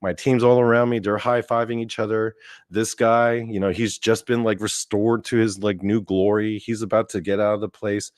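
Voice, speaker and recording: Man, podcast host, casual storytelling, rambling, profane, lowish voice, dry close recording. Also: flat delivery, moderate pace, no room sound. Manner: rambling, profane, full of fillers and restarts. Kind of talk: casual first-person storytelling.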